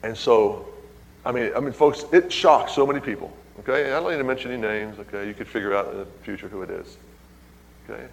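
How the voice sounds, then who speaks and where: A man's voice: on the low side, fast, gravelly. Preaching man in an echoing hall. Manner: exclaims "hallelujah" and calls out to the congregation. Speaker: pastor. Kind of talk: preaching a sermon with personal stories. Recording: long reverb in a large hall.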